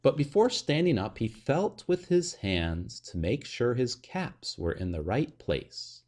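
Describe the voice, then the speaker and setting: A man reading a children's picture book aloud in an expressive, sing-song way. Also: mid-range voice, unhurried. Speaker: storybook reader.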